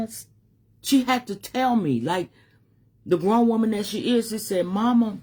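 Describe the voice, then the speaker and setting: Woman, middle-aged, husky voice, candid and emotional, casual swearing, live-stream talk. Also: mid-range voice. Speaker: spiritual advisor.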